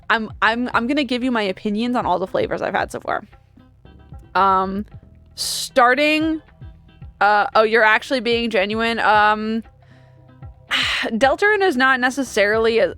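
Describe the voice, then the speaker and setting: A woman's voice: mid-range voice, a bit bright. Chatty rambling woman streamer. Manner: rambling, chatty, laughs often. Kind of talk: casual stream chat.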